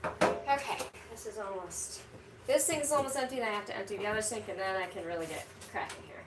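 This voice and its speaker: A woman's voice: mid-range voice, quick pace. Chatty woman in an echoey kitchen. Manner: chatty, rambling, lots of "like". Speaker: cooking vlog host. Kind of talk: casual chat to live viewers. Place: home kitchen, indoors. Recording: roomy kitchen, distant mic, audible background noise.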